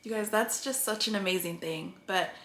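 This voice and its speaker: A woman's voice: medium pitch, normal speed, a bit bright, echoey room. A woman talking earnestly to her viewers in a rambling vlog about her weight-loss progress. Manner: earnest, rambling, tearful at times. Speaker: vlogger.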